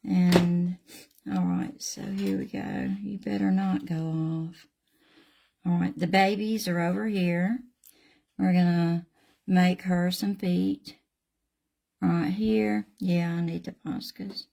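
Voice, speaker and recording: Slow, gravelly-voiced Southern woman. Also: on the low side, fairly even intonation, mellow. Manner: chatty, folksy, greets viewers by name while painting. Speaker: craft channel host. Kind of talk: live craft tutorial chat.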